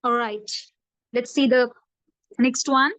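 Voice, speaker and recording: A woman's voice: on the high side, steady tone, slow, fairly bright tone, no echo. A woman teaching a phonics lesson, patiently repeating letter sounds for young learners. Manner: patient, drills sounds over and over. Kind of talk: phonics lesson, slow repetition.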